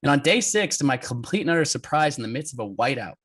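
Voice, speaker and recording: Animated man telling a story. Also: medium pitch, fast, slightly rough. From United States. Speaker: guest. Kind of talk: storytelling interview.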